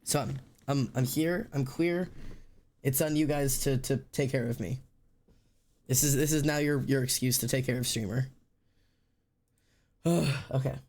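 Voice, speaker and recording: A slightly mellow-voiced man, nursing a sore throat, draws on a livestream while chatting, rambling and cursing openly in a deliberately subdued way.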